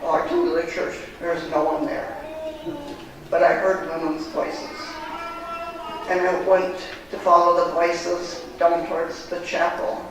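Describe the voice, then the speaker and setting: A woman giving a heartfelt personal testimony at church, in halting, storytelling speech. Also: fairly low pitch. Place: church sanctuary. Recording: echoey church hall, distant mic, background noise.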